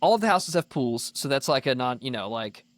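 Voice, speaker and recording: A man's voice: medium pitch, a little fast. Chatty man telling a story. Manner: animated storyteller, full of "like" fillers. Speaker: podcast co-host. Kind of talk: casual podcast chat.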